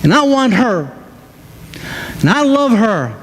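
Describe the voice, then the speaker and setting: An earnest, devoted man, played by a preacher, makes impassioned, insistent promises of love. The voice is high and lifts even higher, and the words echo through a long church reverb. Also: slow pace, exaggerated voice. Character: a loving husband and savior, adult man, earnest.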